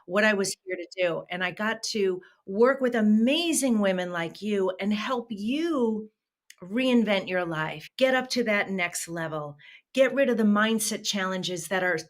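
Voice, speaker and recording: A woman's voice: medium pitch, lively intonation, a little slow. A woman who works as a reinvention coach, a guest on a podcast telling her story in an earnest, emphatic way. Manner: earnest and emphatic, with shifting pace. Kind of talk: personal storytelling interview.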